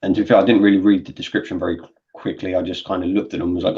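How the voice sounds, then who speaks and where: A man talking toys in a quick, low-pitched ramble, full of false starts. The sound is muffled and lo-fi, like a call. He keeps it casual and chatty. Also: little pitch movement, dark tone. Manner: rambling, restarts often. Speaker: toy collector stream co-host. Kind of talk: casual chat.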